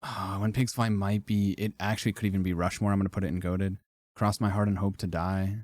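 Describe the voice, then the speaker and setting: Low-voiced joking male streamer. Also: flat delivery, a little fast, a little mellow, no room sound, studio quality. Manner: profane, joking, laughs often. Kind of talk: casual live-stream commentary.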